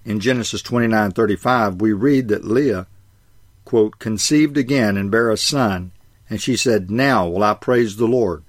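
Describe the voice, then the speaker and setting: A man reading a scripted sermon in a measured way, slowing for emphasis and saying each quotation and verse reference aloud. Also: fairly low pitch, dry recording, studio quality. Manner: measured, slows for emphasis, reads citations aloud. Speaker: preacher.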